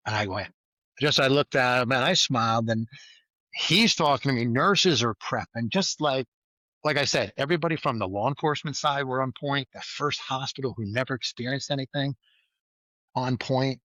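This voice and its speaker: A man's voice: medium pitch, moderate pace, dry recording. A former state trooper, a man, telling his story in a casual interview, laughing often and acting out what others said. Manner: animated storyteller who laughs often and acts out quoted lines.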